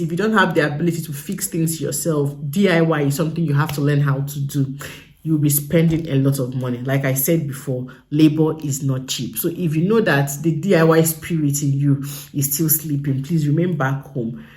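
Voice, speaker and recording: A woman's voice: deep voice, normal speed, dark tone. A young adult woman with a Nigerian English accent, giving casual advice in a vlog and driving home her points with emphatic repetition. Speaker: vlogger.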